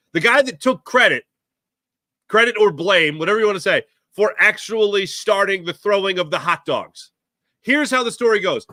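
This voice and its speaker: Animated, bright-voiced male sports host. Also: high voice, dry recording, studio quality. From Philadelphia area. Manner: animated, ranting, puts on quoted voices. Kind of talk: solo sports talk monologue.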